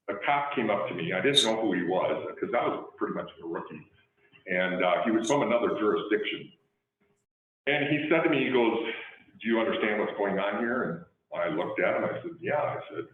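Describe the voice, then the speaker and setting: A middle-aged man with a fairly low voice, talking about his police work and acting out both sides of old conversations. The sound is thin and phone-like, with a lot of echo. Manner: conversational, acts out dialogue in his anecdotes. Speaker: guest speaker, police chief. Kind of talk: storytelling talk. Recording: tinny phone-like line with heavy echo.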